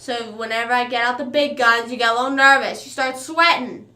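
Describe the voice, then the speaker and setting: A young woman chatting on her live stream, telling a story in a high, bright voice and slipping into the voices of the people in it. She fills her talk with "like". The room sounds echoey, with faint music underneath. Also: little pitch movement, fast. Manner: chatty, lots of "like", acts out quoted people. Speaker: livestream host. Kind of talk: casual storytelling chat.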